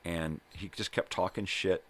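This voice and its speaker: An older man with a very low, rumbling voice hosts his own casual vlog. He tells a personal story in a loose, rambling way, swearing often and checking in with "right?" and "you know?" as he goes. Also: fairly even intonation, unhurried. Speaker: vlog host. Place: at home.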